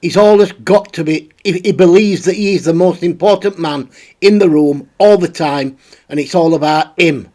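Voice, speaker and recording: A man's voice: a little high, moderate pace, darkish tone. A man hosting a casual, rambling commentary on online drama. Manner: rambling, blunt, with frequent restarts. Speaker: commentary channel host.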